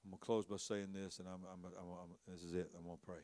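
A man preaching a sermon as a bishop. His delivery swings from hushed to loud, and he repeats phrases for emphasis. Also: low-pitched, flat delivery, fast.

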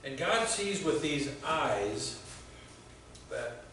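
A male pastor giving a conversational sermon, telling stories with halting restarts. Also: mid-range voice, sing-song, bright, forceful tone, a little hiss or hum. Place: church sanctuary. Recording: very echoey church hall from far off.

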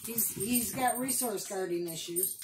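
A woman training her dog and talking it through casually, slipping into high sing-song commands. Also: a little slow, noisy background.

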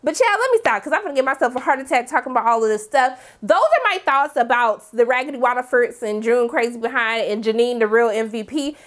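Sassy high-voiced woman recapping a show. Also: fast talker, few pauses. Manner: sassy, animated, slangy, dramatic asides. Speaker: TV recap host. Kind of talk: casual episode recap commentary.

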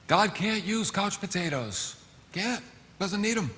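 Fiery pastor in echoing hall. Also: male voice, high-pitched, measured pace. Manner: animated preaching, acting out quoted voices with sudden shouts. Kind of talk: sermon. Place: church hall.

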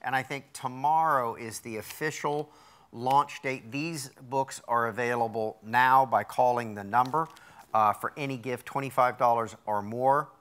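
Bright-voiced, enthusiastic male TV host. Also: mid-range voice, unhurried, clean tone. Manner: enthusiastic, frequent exclamations. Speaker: talk show host. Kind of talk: live TV talk show hosting. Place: TV studio with live audience. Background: faint audience.

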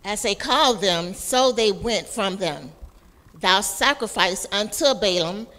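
Slow, bright-voiced woman reading scripture. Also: medium pitch, lively intonation, in a large hall. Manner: careful, deliberate reading of verses. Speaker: class member reading aloud.

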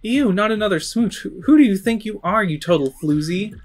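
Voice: medium pitch, lively intonation, brisk, pitched above the performer's own voice, close to an everyday voice. A game streamer voicing a sassy young female goomba in a snippy, indignant tone.

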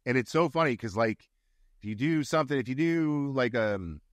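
Recorded dry, the medium-pitched voice of a middle-aged actor carries at a normal pace as he guests in a relaxed interview. He's a lively storyteller who performs the quoted lines himself.

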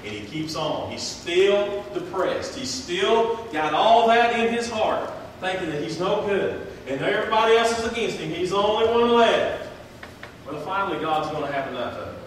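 A man's voice: high voice, animated, normal speed, a little hiss or hum. A man preaching a sermon as pastor, earnest and folksy, with plain everyday grammar, reading scripture aloud in old-fashioned wording. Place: church sanctuary. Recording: echoey church hall, voice from far off.

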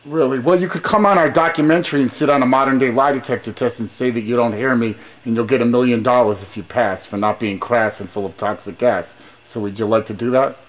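A man's voice: medium pitch, steady tone, fast, few pauses. A man on a rambling phone call, talking in a pushy, grandiose, sing-song patter full of rhymes and sermon-like lines. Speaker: caller.

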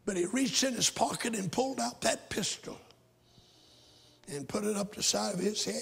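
A raspy older man preaches, telling his story in a fervent sermon that swings from shouts to hushed whispers. His voice sits high and gravelly, with a husky edge. It rings out in a hall with a long echo. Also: moderate pace. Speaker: pastor. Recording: echoey hall.

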